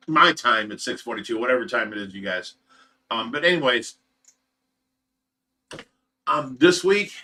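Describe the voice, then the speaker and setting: A man's voice: mid-range voice, pushed and bright. A man hosting a livestream, giving an earnest, emotional personal update in a rambling, casual way. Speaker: livestream host of a fish rescue.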